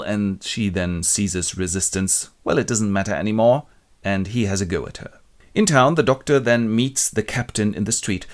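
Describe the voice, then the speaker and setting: A man's voice: on the low side, normal speed. A man retelling a classic play in a wry, colloquial, comic way. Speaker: literature presenter.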